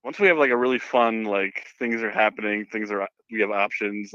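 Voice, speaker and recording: A man's voice: fairly low pitch, brisk, bright, forceful tone, dry recording, highs cut off. A man who is a podcast guest, chatting casually and swearing now and then. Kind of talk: casual chat.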